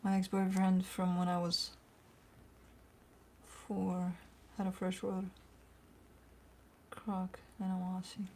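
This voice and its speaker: A woman's voice: lowish voice, monotone, takes it slowly, pauses often, darkish tone, slight background noise. A woman who reads tarot, chatting casually on a live stream at home and cooing over her dogs between remarks.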